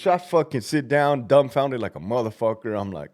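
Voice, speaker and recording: A man in his thirties, a former prison officer, telling a casual story in a blunt, profane way, laughing at himself and acting out shouted commands. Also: medium pitch, animated, normal speed.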